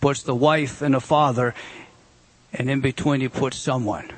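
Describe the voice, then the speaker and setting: A man's voice: medium pitch, fairly even intonation, moderate pace, husky. A man preaching a sermon with emphatic delivery and rhetorical questions. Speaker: pastor.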